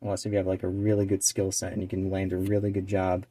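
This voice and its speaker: A man with a deep voice talks quickly, rambling casually with lots of fillers as he works on a small craft task, dropping to a near-whisper when he focuses. He's an eBay reseller and channel co-host, heard with no room sound.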